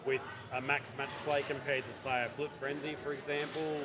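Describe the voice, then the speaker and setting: A man gives relaxed live commentary at a pinball club, chatty and full of small hesitations. His voice sits at an average pitch for a man. Loud music plays behind him. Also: brisk. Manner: chatty, hesitant with frequent ums. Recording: music playing loudly behind.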